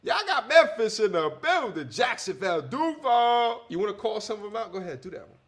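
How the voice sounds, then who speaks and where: A man hosts a casual livestream, all hype as he reads out where his viewers are tuning in from. His voice sits high and swings wide, and his tone is bright and forceful. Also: sing-song, brisk. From Long Island, New York. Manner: hyped, shouting out viewers' cities. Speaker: livestream host.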